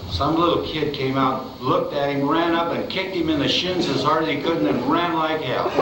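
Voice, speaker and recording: An older man, a film director, rambling through chuckling anecdotes about his old Westerns in an interview. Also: on the high side. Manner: chuckling, rambling storyteller with restarts. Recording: echoey room, far mic, background noise.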